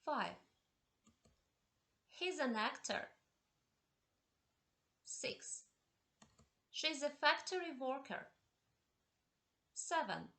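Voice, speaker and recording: A woman teaching a lesson at an unhurried, measured pace, walking through each exercise step by step. Her voice is bright and sits a little high. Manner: slow, deliberate, giving step-by-step instructions. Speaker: English teacher. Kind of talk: classroom instruction.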